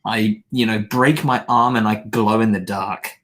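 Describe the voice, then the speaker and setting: A man's voice: lowish voice, fairly even intonation, measured pace, fairly bright tone, a little hiss or hum. A man co-hosting a podcast, telling a story in a casual, dry joking way. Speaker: podcast co-host. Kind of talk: casual chat.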